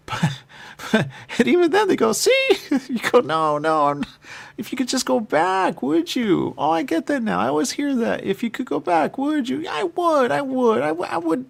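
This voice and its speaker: Gravelly man, wildly lively delivery. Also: very high voice. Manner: laughs often, swings from shouting to muttering. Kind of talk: rambling improvised comic monologue.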